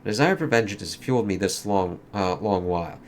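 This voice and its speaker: A man's voice: lowish voice, brisk, slight background noise, close to an everyday voice. A man voicing a grandiose, mocking male villain from a comic, read with lofty theatrical phrasing.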